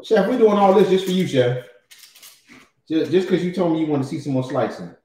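A man's voice: fairly high pitch, animated, fairly quick, dark tone, echoey room, slight background noise. A man co-hosting a casual cooking livestream, who exclaims often and talks to viewers as y'all. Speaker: livestream co-host cooking ribs. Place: home kitchen.

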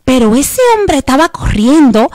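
A woman imitating an excited elderly female bystander in a breathless, excited retelling. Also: sits high, normal speed, dry recording, clean studio sound.

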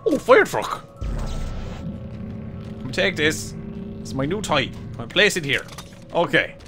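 A young man doing let's play commentary on a horror game, swearing freely and yelling at enemies. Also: on the high side, very animated, measured pace, soft background music. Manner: swears a lot and yells at enemies. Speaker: gaming YouTuber.

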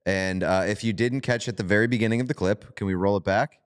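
Low-voiced man, laid-back. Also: fast talker, smooth. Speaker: podcast co-host. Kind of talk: casual chat.

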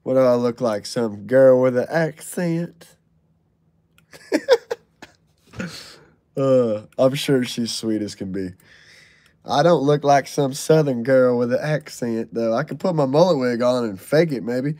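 A man's voice: mid-range voice, a little slow, long pauses, no echo, studio quality. A man in his thirties hosting a casual livestream, reading viewer comments and telling stories in loose, jokey slang. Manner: loose, slangy, jokey, excitable over donations. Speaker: livestream host.

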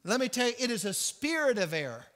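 His voice is extremely high, sing-song, and fairly bright, and he talks fast with a Southern US accent. Leading a Bible study in a church hall with audible reverb, he preaches earnestly and tells stories, performing the voices in them.

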